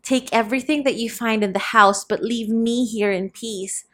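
A woman's voice: on the high side, fairly even intonation, normal speed, a bit bright, close to an everyday voice. A woman voicing a poor, desperate peasant mother who pleads in fear, in an audiobook reading. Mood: begging. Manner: pleading, fearful.

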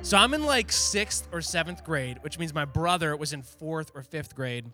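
A man giving a casual storytelling sermon as a youth pastor, animated and acting out the people he quotes. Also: fairly high pitch, normal speed, soft background music.

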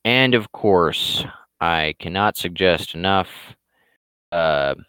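Sarcastic man with a scratchy throat, hosting a livestream; low, smooth voice, rambling and swearing. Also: animated, takes it slowly, pushed and bright, no room sound. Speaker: cartoonist hosting a weekly live show. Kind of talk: casual livestream commentary.

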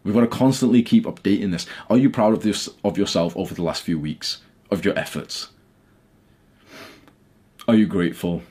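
A young man with a husky, somewhat low voice talks straight to camera from his bedroom. He is blunt and heated, swears freely, and keeps pushing his point at the viewer. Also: moderate pace, long pauses, dark tone. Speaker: YouTuber. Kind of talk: casual talk to camera.

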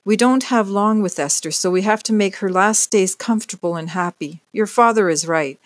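A reader voicing a calm, gentle mother. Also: medium pitch, moderate pace, dry recording, lightly acted. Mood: reassuring.

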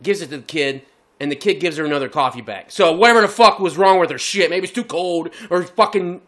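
A man's voice: a little high, a little fast. A man co-hosting a podcast, telling a story in casual chat and swearing constantly. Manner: profane, animated storytelling with heavy swearing. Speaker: podcast co-host.

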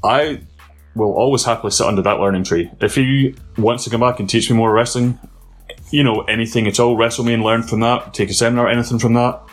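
A man, a wrestler, telling stories in a casual interview, laughing often and jumping up in pitch. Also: quick pace, soft background music. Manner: animated storyteller, laughs often, voice jumps high. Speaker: wrestler guest.

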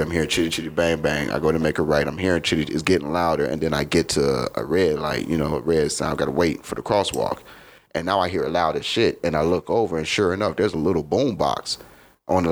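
Deep-voiced man telling a rambling story. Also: fast. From Chicago. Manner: profane and rambling, keeps asking "you know what I mean". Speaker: comedian guest on a podcast. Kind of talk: casual storytelling. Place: podcast studio.

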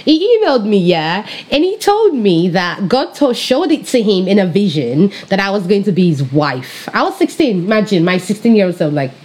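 A bubbly woman pastor in her thirties tells her personal testimony with a Nigerian accent that carries some British influence. Her voice rises and falls in a wide, animated melody. She laughs often and speaks straight to her viewers. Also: medium pitch, moderate pace, hardly any pauses. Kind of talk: personal faith testimony, casual storytelling.

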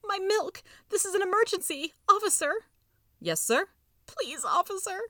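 A woman voicing a whiny, milk-obsessed little male mouse, shrill and pleading in a storybook reading. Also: animated, normal speed, bright, forceful tone, no room sound, clean studio sound, exaggerated voice.

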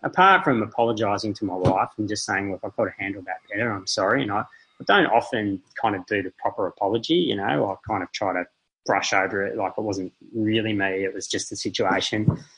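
A man's voice: fairly low pitch, fairly quick, a bit bright, husky, rough recording. A man, a podcast guest telling stories in a casual, rambling, self-deprecating way with many fillers and restarts. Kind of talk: casual interview storytelling.

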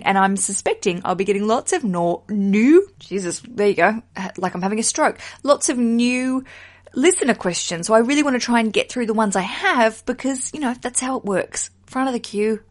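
A woman hosting her own podcast, chatting casually and joking at her own expense, in her thirties. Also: mid-range voice. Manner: chatty, jokey, self-mocking, swears casually. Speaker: podcast host. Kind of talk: casual solo podcast chat.

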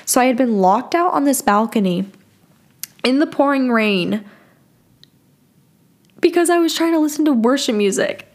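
A woman's voice: high-pitched, expressive, moderate pace, pauses often. A young woman hosting a podcast, telling a story in a candid, casual way, laughing often and swearing freely. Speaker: podcast host.

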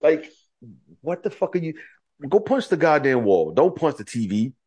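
A man co-hosting a podcast speaks at a moderate pace in a slightly high, somewhat rough voice. His casual stories are animated and profane, full of quoted exchanges.

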